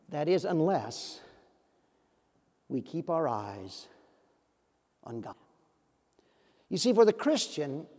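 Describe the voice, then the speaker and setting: A pastor delivers a sermon in a church sanctuary, speaking earnestly and repeatedly putting pointed questions to his congregation. His voice is high for a man and a little mellow, and a long reverb trails each phrase.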